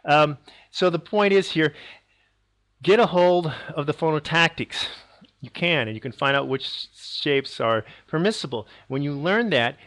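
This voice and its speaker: A man's voice: mid-range voice, a bit bright. A man from the United States giving a casual video lesson on pronunciation, rambling and correcting himself, chuckling now and then. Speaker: language teacher.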